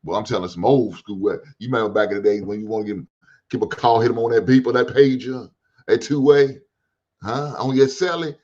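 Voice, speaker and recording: A man's voice: medium pitch, a little fast, darkish tone, dull audio. A middle-aged man hosting a reaction show, riffing in casual slangy banter and laughing along.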